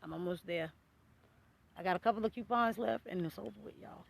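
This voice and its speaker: A woman vlogger ranting casually to her viewers, loud and animated, full of slang and swearing and quick laughs. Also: fairly low pitch, creaky. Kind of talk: casual rant to camera.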